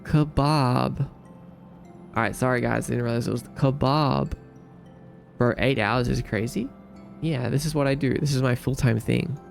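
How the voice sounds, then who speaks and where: A man's voice: medium pitch, measured pace, vocal fry, pauses often, soft background music. A man streaming live, answering his chat in a casual, joking way.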